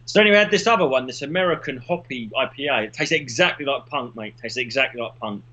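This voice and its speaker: A man's voice: medium pitch, quick pace, bright, forceful tone, muffled recording. A man, co-hosting a podcast in casual chat, rambling through stories and swearing freely. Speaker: podcast co-host.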